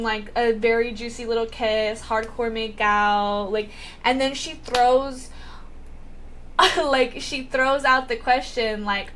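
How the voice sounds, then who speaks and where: Chatty woman rambling through a show recap, says like a ton, swears, kinda high voice. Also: sharp tone, a little hiss or hum. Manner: rambling, lots of "like", swears and laughs. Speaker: vlogger recapping a TV episode.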